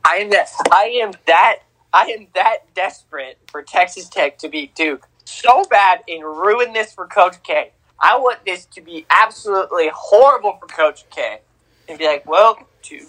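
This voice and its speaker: Young male sports co-host, excitable, punchy repeats, fairly high voice. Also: normal speed, rough recording. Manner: excitable, repeats himself for emphasis. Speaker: podcast co-host. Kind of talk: casual sports talk.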